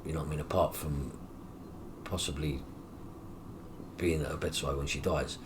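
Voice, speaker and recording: A middle-aged man, his voice sitting very low. He tells his story as a guest in an interview, acting out the dialogue with plenty of swearing. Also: moderate pace, background noise. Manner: animated, acts out quoted dialogue with coarse swearing.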